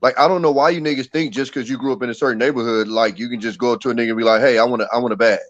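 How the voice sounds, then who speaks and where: A man's voice: mid-range voice, fairly even intonation, racing, dry recording, muffled recording. A man talking in a casual panel chat, emphatic and profane, laughing often. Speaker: podcast host.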